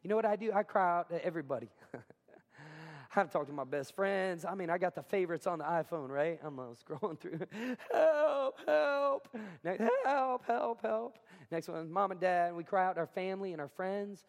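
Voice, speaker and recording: Preaching conversationally, this pastor often poses questions to the congregation and performs the quotes he cites. He has a high voice and a fairly quick pace, with hall reverb on the recording.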